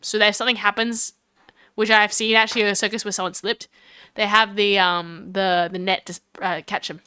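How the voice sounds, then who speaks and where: A woman's voice: mid-range voice, level tone, a little fast, bright, forceful tone, clean tone, dry recording. A young Australian woman chatting casually and bubbly while streaming a game, rambling through her stories. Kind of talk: casual live-stream chat.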